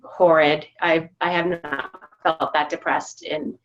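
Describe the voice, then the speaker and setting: A woman sharing her feelings over a group video call, halting and reflective with many pauses and restarts. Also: deep voice, level tone, highs cut off, soft background music. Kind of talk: casual personal sharing.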